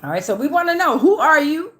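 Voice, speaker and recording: A woman's voice: high voice, very animated, fast talker, fairly bright tone. A woman giving a casual, loose and chatty tarot reading, swearing freely and often checking in with her listeners. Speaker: tarot reader.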